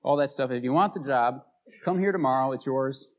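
A man's voice: medium pitch, a little fast, lightly acted. A man voicing pushy zoo staff who coax a man into taking an odd job. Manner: coaxing, insistent.

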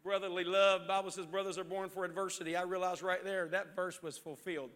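High, bright-voiced preaching pastor. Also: male voice, little pitch movement, brisk. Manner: preaching with rising shouts and storytelling. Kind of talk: sermon. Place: church sanctuary.

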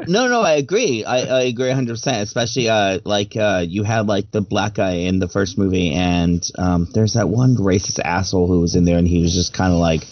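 A man's voice: lowish voice, a little fast, hardly any pauses, a little mellow. A man hosting a casual podcast chat, rambling with lots of fillers and laughing often. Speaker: podcast host asking questions. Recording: dull lo-fi, dry sound.

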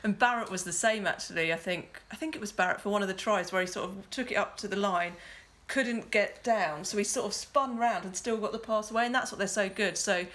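Woman calmly analysing rugby. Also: mid-range voice, fairly quick. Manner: fluent, analytical, uses filler 'like'. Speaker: rugby pundit. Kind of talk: casual sports discussion.

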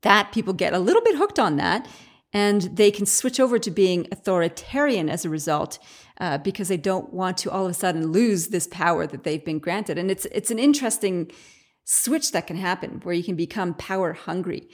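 A woman's voice: lowish voice, animated, moderate pace. A woman hosting a podcast interview, chatty and curious, thinking her questions through aloud. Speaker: podcast host.

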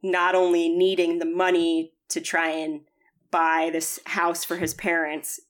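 Low-voiced, animated podcast co-host woman. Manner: animated, acts out quotes with laughter; swears casually. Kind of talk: casual chat.

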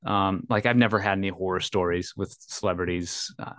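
A man's voice: low voice, steady tone, brisk, a bit bright, dry recording, studio quality. A man co-hosting a casual podcast, telling a story in a rambling way with lots of fillers. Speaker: podcast co-host. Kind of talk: casual chat.

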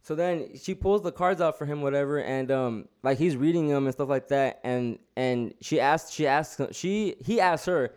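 A man's voice: on the high side, normal speed, hardly any pauses, darkish tone, clean tone. A man telling a story in casual chat, rambling with lots of slang and restarts.

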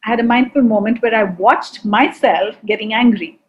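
Woman guest talking mindfulness, kinda high voice, dull muffled sound. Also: normal speed. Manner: earnest, with light laughs and repetitions. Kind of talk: reflective conversation on mindfulness.

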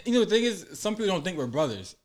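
A man's voice: sits high, very animated, very fast. A man talking casually about making his web series, loose and laughing often. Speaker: web series creator and actor. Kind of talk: casual podcast chat.

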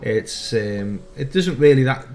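A man's voice: medium pitch, animated, unhurried, a little mellow. A man co-hosting a podcast in casual chat, rambling and swearing as he talks.

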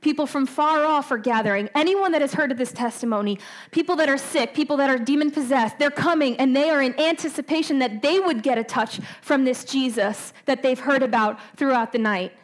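A woman preaching a sermon in a conversational way, asking her listeners questions and often tagging "right?", slowing down on key points. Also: high voice. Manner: slows down for emphasis.

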